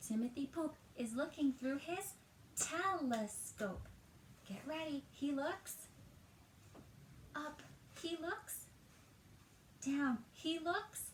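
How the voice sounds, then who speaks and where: A woman teacher with a high voice reads a picture book aloud to young children at home, stretching out words and asking them questions in an animated storytime manner. The home space sounds roomy, with slight background noise and poor audio quality.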